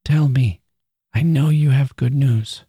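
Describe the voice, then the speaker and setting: A man's voice: medium pitch, slow pace, mellow, husky, no echo, studio quality, pitched above the performer's own voice. A man whispering as a frail dying woman. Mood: pleading. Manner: whispered, earnest and tender.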